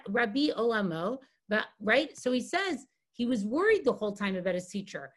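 A woman's voice: fairly high pitch, very animated, moderate pace, hardly any pauses, fairly bright tone. A woman giving a Talmud lesson as a guest teacher, reading Aramaic lines and translating them, tagging many sentences with "right?". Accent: Hebrew and Aramaic phrases read with Ashkenazi pronunciation. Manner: reads Hebrew and Aramaic text, then translates it, with frequent "right?" tags. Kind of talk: lecture on Talmud text.

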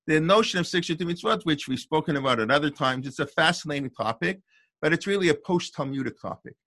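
Older man teaching, bright dry voice. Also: a little high, expressive, fast, dry recording. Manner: discursive, thinking aloud with restarts and asides. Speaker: rabbi teaching Torah. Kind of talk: informal Torah lesson.

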